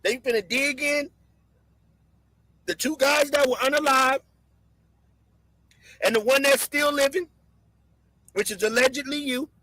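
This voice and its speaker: Bright high-voiced man hosting a live stream. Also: steady tone, unhurried, pauses often, no echo, poor audio. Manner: emphatic, repeats key lines for effect. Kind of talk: casual live-stream commentary.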